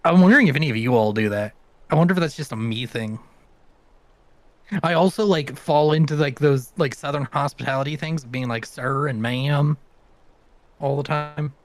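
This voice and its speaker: A man's voice: on the high side, normal speed, no room sound. A man from the American South, chatting and teasing casually on a live stream, laughing often.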